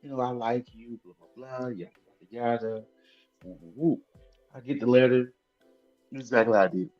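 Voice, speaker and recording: A man's voice: mid-range voice, brisk, muffled recording, soft background music. A male podcast co-host telling a story in casual chat, acting out both sides of the dialogue.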